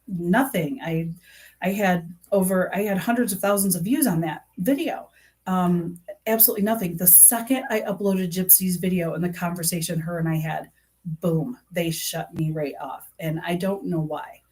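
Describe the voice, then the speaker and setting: A woman's voice: lowish voice, a little mellow. A middle-aged woman making a true crime vlog, talking casually to camera in a rambling, earnest way, full of fillers and restarts. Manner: earnest and aggrieved.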